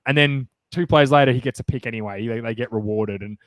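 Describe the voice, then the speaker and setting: A man co-hosting a sports podcast, chatting casually and getting excited, rambling with many fillers and restarts. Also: medium pitch, fast talker, no room sound. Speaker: podcast co-host.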